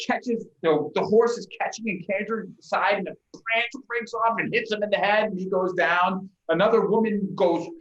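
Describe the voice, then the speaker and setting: Male game master, animated storytelling, slightly high voice, echoey lo-fi room. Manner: lively narration with frequent restarts and acted bits. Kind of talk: narrating a tabletop game.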